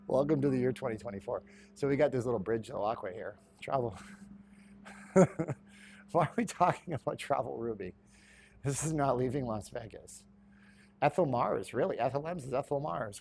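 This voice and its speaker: A man's voice: mid-range voice, expressive, normal speed, a little hiss or hum. A middle-aged man giving chatty, rambling live commentary while walking indoors, with jokey asides. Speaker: livestream host.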